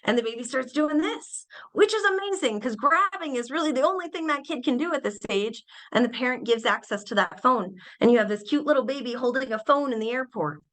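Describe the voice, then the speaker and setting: A young adult woman presenting a webinar lecture on behavior, animated and acting out little everyday scenes in changed voices. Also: high-pitched, brisk, hardly any pauses, poor audio.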